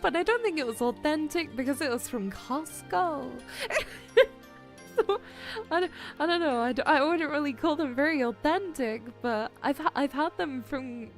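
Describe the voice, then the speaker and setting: Very high-pitched, giggly young woman streamer. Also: a little slow, faint music behind. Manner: giggly, playfully dramatic whining. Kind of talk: casual livestream chat.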